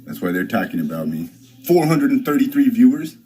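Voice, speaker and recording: A young man hosting his own livestream, telling a story in a rambling, profane way with lots of halting restarts. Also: mid-range voice, big pitch swings, warm tone, slight background noise, poor audio. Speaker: livestream host. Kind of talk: casual livestream chat.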